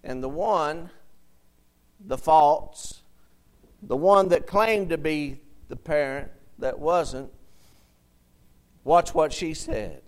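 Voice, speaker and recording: A man preaching a sermon in a high, clear voice. He takes his time, retells scripture in everyday words and pauses to call for an amen from the congregation. His delivery is smooth and resonant. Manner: reads King James verses aloud.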